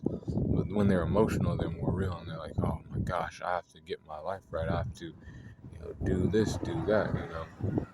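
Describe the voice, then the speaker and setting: Rambling deep-voiced man, noisy background. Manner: rambling, filler-heavy, frequent swearing. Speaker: astrology video host. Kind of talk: casual spoken monologue.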